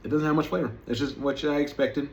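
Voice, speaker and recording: A man's voice: a little high, steady tone, fast, a little mellow. A man talking casually to his camera as he tastes snacks, rambling and chatty, poking fun at himself. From United States. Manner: rambling, chatty, self-deprecating. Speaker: vlogger. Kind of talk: casual food-tasting chat. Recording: echoey room with faint noise.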